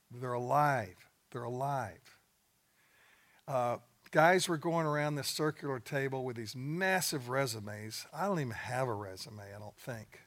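Here the older coach's mid-range voice comes across a bit bright as he addresses a room of men. It's a folksy sermon told plainly through stories, with humorous asides along the way.

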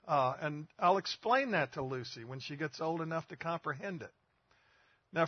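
A man's voice: a little high, no echo, lo-fi sound. An older man preaching a sermon in a folksy storytelling manner, asking the listeners questions.

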